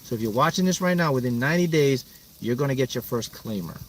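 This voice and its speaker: A man's voice: mid-range voice, animated, quick pace, slight background noise. A man hosting a motivational livestream, talking emphatically and repeating himself to pump up his viewers. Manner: emphatic, repetitive, pumping up viewers. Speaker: manifesting coach hosting a livestream.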